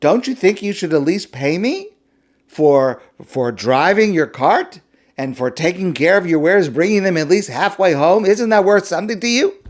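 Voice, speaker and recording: A man's voice: on the high side, very animated, a little slow, creaky, pauses often, a little mellow, voice pushed up, exaggerated voice. A man voicing a scheming male thief in a parable, coaxing and self-justifying. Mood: wheedling.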